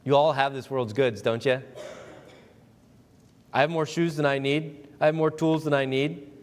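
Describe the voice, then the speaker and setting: A man's voice: medium pitch, steady tone, moderate pace. A man preaching a sermon as pastor, talking in an emphatic, conversational way and acting out quotes in little voices. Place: church sanctuary. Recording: reverberant church sanctuary.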